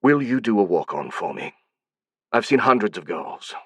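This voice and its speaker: A man voicing an intense male film director who is emphatic and pleading, speaking in a soft, hushed way. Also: on the low side, sing-song, normal speed, slightly rough, no echo.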